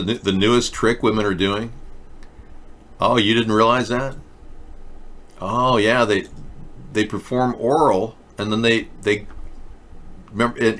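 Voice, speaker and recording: Hosting a laid-back comedy talk show, this man has a fairly low, slightly bright voice. He is sarcastic and mocking, shifting from jokey rants to mumbling through text he reads aloud.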